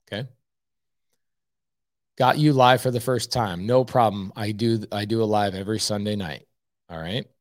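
A man's voice: fairly low pitch, no echo, clean studio sound. A man hosting a live stream, giving blunt, emphatic coaching advice and saying "okay" often. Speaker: host.

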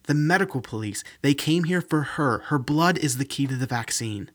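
A man's voice: medium pitch, lively intonation, normal speed, a bit bright, voice pushed up. A man voicing a stern woman doctor under pressure, speaking urgently and curtly. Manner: urgent and curt.

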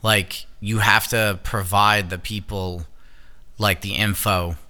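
A young man co-hosting a podcast, talking in a loose, rambling way with plenty of swearing. His voice is fairly low but very bright and clean. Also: steady tone, slow. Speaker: podcast co-host. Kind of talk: casual chat.

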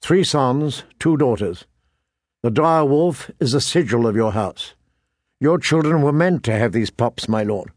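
A man voicing a quiet, solemn young man who is a lord's bastard son, in an audiobook reading. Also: animated, measured pace, no room sound, studio quality. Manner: low, hushed, grave. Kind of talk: audiobook character voice.

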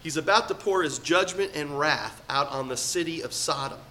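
A middle-aged man preaching a sermon as pastor, swinging between loud emphatic peaks and quiet asides. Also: fairly high pitch, moderate pace, a little hiss or hum.

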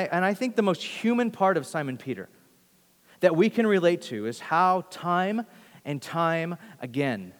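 Man, pastor, sermon, earnest, repeats and restarts, high voice, echoing hall. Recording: long hall reverb.

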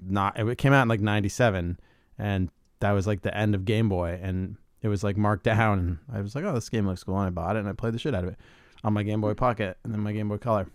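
A man co-hosting a casual podcast, laid-back and joking, with drawn-out fillers. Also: lowish voice, steady tone, no room sound, clean studio sound. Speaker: podcast co-host. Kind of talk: casual chat.

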